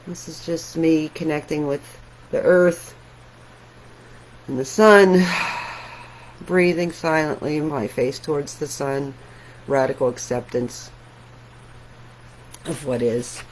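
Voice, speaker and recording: A middle-aged woman, an artist, talking casually and reflectively while showing her sketches, with soft laughs now and then. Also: deep voice, fairly even intonation, slow, long pauses, slight background noise, low-quality recording.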